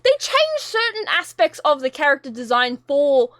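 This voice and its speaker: A young woman with a very high voice rants to her stream chat, rambling and exasperated, swearing freely. Her voice sits close and dry on the mic, with no room around it. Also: very animated, normal speed, a bit bright, no echo. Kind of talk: casual ranting to a live chat.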